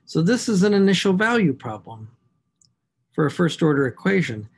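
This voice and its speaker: A man's voice: high-pitched, moderate pace, creaky, breathy edge. A man teaching a math class, working through equations aloud and stressing key words as he writes. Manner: talks to himself while writing equations, animated emphasis. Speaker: math instructor. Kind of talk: recorded class lecture.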